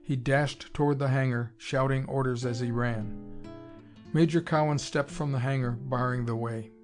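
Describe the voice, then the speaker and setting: A man reading an audiobook in a steady, measured storytelling voice. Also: mid-range voice, soft background music. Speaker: audiobook narrator. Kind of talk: scripted narration.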